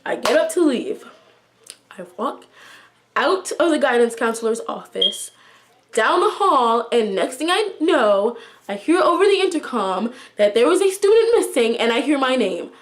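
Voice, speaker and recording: A woman's voice: fairly high pitch, normal speed. Chatty young woman telling a storytime. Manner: chatty, animated retelling with acted-out quotes. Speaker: vlogger. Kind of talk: storytime vlog.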